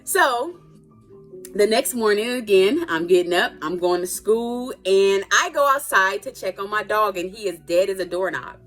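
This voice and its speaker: A woman spins a casual storytime tale in a lively, dramatic manner, full of playful asides. Her voice sits at an ordinary middle pitch for a woman. Soft music plays quietly behind her. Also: normal speed. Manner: animated, dramatic retelling with playful asides and laughs. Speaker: storytime vlogger.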